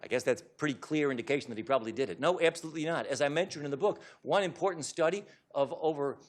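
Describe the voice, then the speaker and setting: A man giving a public talk to an audience as an author, lecturing in an emphatic, animated way. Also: a little high, quick pace.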